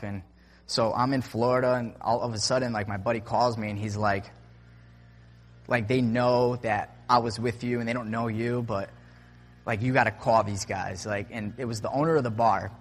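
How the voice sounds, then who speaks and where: Young guy recounting a wild night, loose and rambling, medium pitch, in a reverberant space. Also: fairly even intonation, normal speed. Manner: rambling, full of "like" and "I'm like" quotes. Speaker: storyteller. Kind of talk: personal story told casually. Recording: long reverb.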